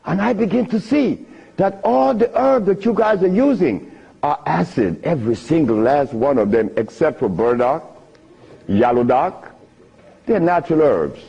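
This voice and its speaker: An older man with a husky voice tells stories to an audience in an animated way, laughing often. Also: on the high side, moderate pace. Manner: animated, laughs often, sing-song emphasis. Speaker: speaker giving a talk. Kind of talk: storytelling lecture to an audience. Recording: dull lo-fi archive recording.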